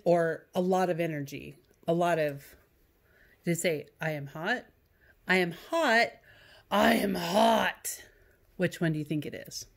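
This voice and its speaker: A woman teacher giving a recorded lesson to young students, patient, reading example sentences in a sing-song way. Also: lowish voice.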